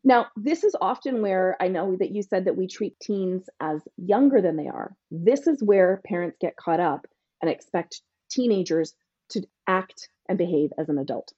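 A woman's voice: fairly low pitch, normal speed, dark tone, slightly rough, no room sound, lo-fi sound. A woman parenting coach answering an interview question in an emphatic, punchy way, sometimes acting out what parents and teens say. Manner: emphatic, punchy, acts out parent and teen lines.

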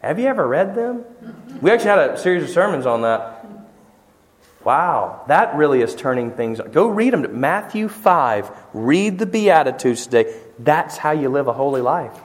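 A man with a Southern American accent preaching a sermon as pastor, animated and emphatic, with rhetorical questions and repetition. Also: a little high, moderate pace. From Southern United States. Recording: long hall reverb.

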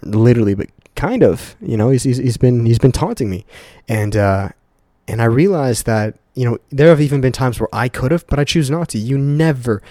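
Hosting a casual motivational podcast by himself from his condo, a young man speaks in an expressive, dark-toned, mid-range voice at a moderate pace. The recording is dry and clean, studio-like. He talks earnestly and profanely to his listeners as "guys," repeating words for emphasis.

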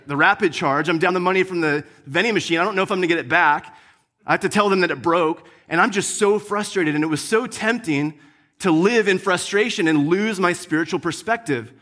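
A young adult man delivers a sermon and weaves in a personal story. He acts out his own frustration with animated energy, and his voice sits a little higher than most men's. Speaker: pastor.

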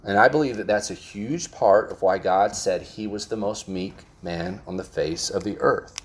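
Low-voiced man preaching from scripture. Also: normal speed. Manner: reads scripture aloud then explains it plainly, with repeated restarts. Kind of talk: sermon with scripture reading.

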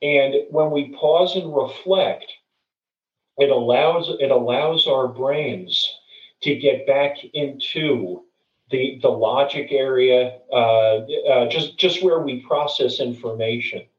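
A man's voice: medium pitch, slow. A middle-aged man speaking as a guest, telling a story and giving advice in an earnest way, often restarting and repeating words. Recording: dull, distant, roomy recording.

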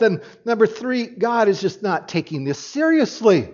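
A man preaching an animated sermon as a pastor, often restarting his sentences as he explains a passage to his congregation. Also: very high-pitched, normal speed, highs cut off.

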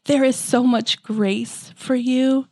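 A woman hosting a personal faith podcast, sharing a story in a soft, heartfelt way, often dropping close to a whisper. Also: high voice, fairly even intonation, slow, dry recording. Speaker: podcast host.

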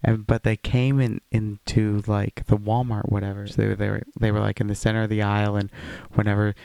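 A man's voice: on the low side, little pitch movement, brisk, vocal fry, a little mellow, clean tone, dry recording. A man co-hosting a podcast, chatting casually with rambling, jokey wordplay. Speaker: podcast co-host. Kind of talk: casual chat.

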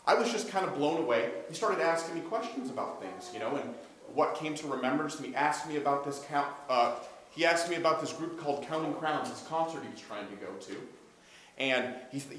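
A man's voice: on the high side, fairly bright tone. A man giving a conversational sermon, telling stories, acting out dialogue and asking his listeners questions. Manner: storytelling, acts out dialogue, asks the audience questions. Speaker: preacher. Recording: echoey room with faint background noise.

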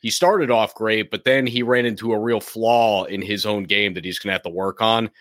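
A man's voice: on the low side, moderate pace, fairly bright tone, no room sound, studio quality. A man co-hosting a sports talk show, laid-back and blunt, with some mild swearing. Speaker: sports podcast co-host.

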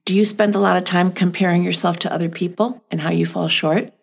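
A middle-aged woman with a low voice, gravelly and a little husky. She talks in a gentle, thoughtful way and keeps asking the listener reflective questions. The setting is a calm podcast conversation. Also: a little fast. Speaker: guest.

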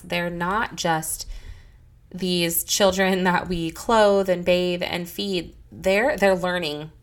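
An earnest woman in her thirties hosts a solo faith and parenting podcast. Her voice sits a little low for a woman. She speaks heartfelt and sincere, often slipping into the lines of her children and herself. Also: a bit bright. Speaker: podcast host.

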